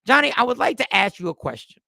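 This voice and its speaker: Gravelly high-voiced man hosting a livestream. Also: quick pace, no echo, studio quality. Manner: animated, repetitive, addresses viewers by name. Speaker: livestream host. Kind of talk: casual livestream talk to chat viewers.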